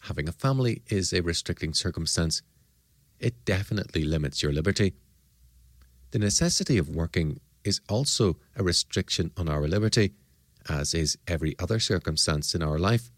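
A man giving a formal, measured lecture, pressing his points with rhetorical questions and emphatic rises. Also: sits low, lively intonation, no echo. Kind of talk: formal lecture on liberty and law.

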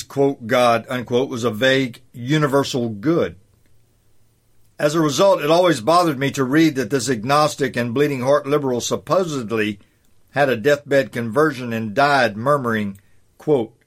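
A man reading his own essay commentary aloud in a measured, deliberate way, slowing down to stress his points. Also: mid-range voice.

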